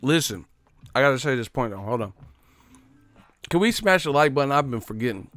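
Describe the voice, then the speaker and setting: A man's voice: medium pitch, sing-song, a little fast, fairly bright tone, dry recording, faint music behind. Profane joking man on a livestream. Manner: profane, joking, laughs often. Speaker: boxing livestream host. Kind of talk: casual livestream rant.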